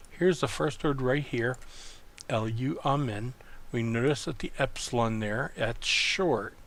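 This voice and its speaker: A man teaching an online lesson, working through exercises step by step and thinking aloud in a slow, methodical way. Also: mid-range voice, vocal fry. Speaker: Greek tutor.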